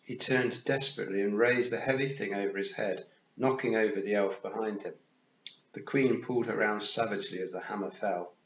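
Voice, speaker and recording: Male audiobook narrator, low voice, animated, expressive, echoey room. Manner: expressive, lively reading. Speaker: audiobook reader. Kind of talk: storybook narration. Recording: roomy, dull home recording.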